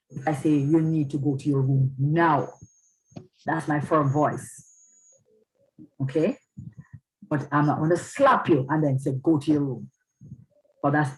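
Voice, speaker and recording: A woman's voice: deep voice, darkish tone, rough recording. Female speaker at a church event, earnest, keeps asking "all right?" to check in with listeners. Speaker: speaker on parenting. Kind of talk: church talk.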